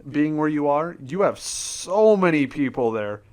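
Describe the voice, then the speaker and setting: A young man hosting a casual podcast, telling stories in an animated way and acting out quoted lines. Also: fairly high pitch, a little slow. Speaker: podcast host.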